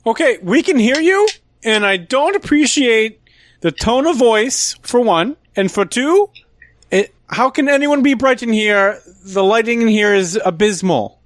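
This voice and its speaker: A man's voice: very high-pitched, lively intonation, a little slow. Brief: easily offended fancy-talking party member, a man's put-on voice. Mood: prim. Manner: formal, prim, easily offended. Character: fussy polite adventurer Lou, pompous, prim. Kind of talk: tabletop role-play.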